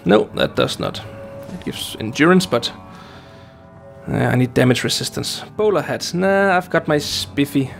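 A man's voice: fairly high pitch, lively intonation, measured pace, gravelly, faint music behind. A man casually commenting on his gameplay, rambling and talking to himself with lots of fillers and restarts. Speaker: gaming YouTuber. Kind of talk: casual let's play commentary.

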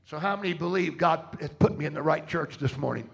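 High, gravelly-voiced male preacher rallying a congregation. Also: a little fast, hardly any pauses. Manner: dramatic storyteller, rallies the crowd with call-outs. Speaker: travelling preacher. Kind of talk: sermon with storytelling and fundraising appeal. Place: church service.

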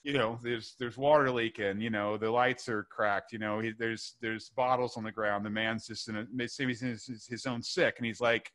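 Earnest guy w a bright edgy voice, rambling through a story on a podcast. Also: mid-range voice, fairly even intonation, moderate pace, hardly any pauses. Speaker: guest author. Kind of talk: casual podcast conversation.

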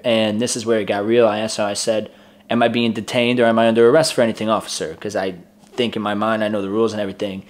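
A man's voice: on the low side, level tone, quick pace. Chatty young man telling a story. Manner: chatty, laughs often, acts out quoted voices. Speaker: vlogger. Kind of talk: casual personal storytelling.

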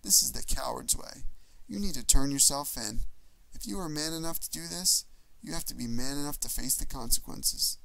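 A man's voice: mid-range voice, moderate pace, vocal fry, few pauses, sharp tone, rough recording. A man voicing a stern male cousin firmly telling someone to face consequences.

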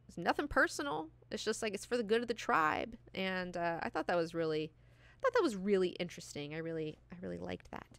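Woman host, book club reading and chat, low-ish, bright, dry close sound, swears freely. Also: no echo. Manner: chatty, swears freely, lots of fillers. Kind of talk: reading aloud and casual discussion.

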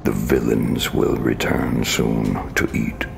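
An actor voicing a trapped merman from Atlantis who pleads slowly and urgently for help, in a video game. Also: level tone, soft background music, full character voice. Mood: pleading. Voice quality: deep gravelly.

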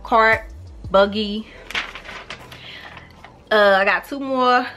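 A woman in her thirties with a St. Louis accent, chatting casually to camera in a relaxed, slangy way. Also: fairly high pitch, measured pace, soft background music. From St. Louis, USA. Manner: relaxed, slangy, animated with laughs. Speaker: YouTuber. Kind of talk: casual vlog, talking to camera.

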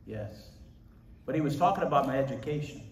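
A male pastor preaching an animated sermon, his voice booming when he quotes scripture. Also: a little fast, creaky, a little hiss or hum. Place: large church hall. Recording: echoey hall, voice from far off.

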